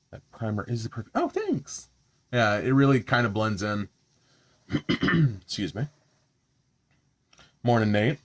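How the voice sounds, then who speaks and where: On a live stream from his home, a man with a deep voice chats casually while doing his makeup, making self-deprecating jokes and swearing now and then.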